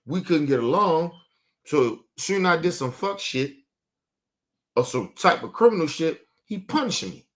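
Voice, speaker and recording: A young man, ranting emotionally and profanely on a live stream, dropping low and quiet, then bursting out loud.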